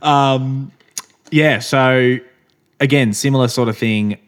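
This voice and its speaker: A man's voice: medium pitch, slow pace. A young man co-hosting a podcast, rambling through a casual story with loose swearing and frequent laughs. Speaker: podcast co-host. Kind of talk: casual chat.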